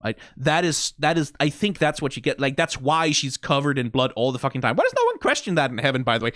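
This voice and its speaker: A man giving casual, profane commentary as a video reviewer, animated and prone to mocking impressions. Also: medium pitch, brisk, few pauses, no echo, clean studio sound.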